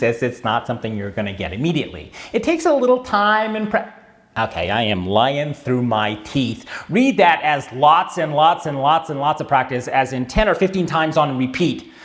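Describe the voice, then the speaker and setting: A man teaching a tango music lesson in a chatty way, with wry asides and frequent "all right" check-ins. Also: on the high side. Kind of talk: instructional video lesson.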